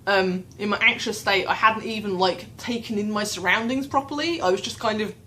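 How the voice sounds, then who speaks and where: A woman's voice: mid-range voice, fairly quick, a little hiss or hum, low-quality recording. A young woman telling a long, rambling, self-mocking story, acting out her own anxious thoughts. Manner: rambling, self-mocking, animated retelling with quoted inner voice. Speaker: vlogger. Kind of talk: casual storytelling vlog.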